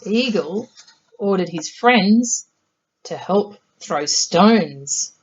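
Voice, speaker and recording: A woman reading a children's picture book aloud in a gentle, measured storytelling voice. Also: medium pitch, animated, breathy edge, highs cut off. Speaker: storybook reader.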